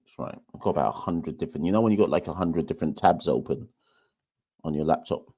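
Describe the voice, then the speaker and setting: A man's voice: a bass voice, animated, quick pace, warm tone, breathy edge. A young man hosting a live cricket watchalong, chatting casually to viewers in a loose, self-deprecating way. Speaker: podcast host.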